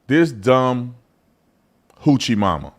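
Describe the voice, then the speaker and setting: Slow and sing-song at medium pitch, this adult man from Texas speaks with a Texan accent. He hosts a live political commentary show in a blunt, slangy, mocking style.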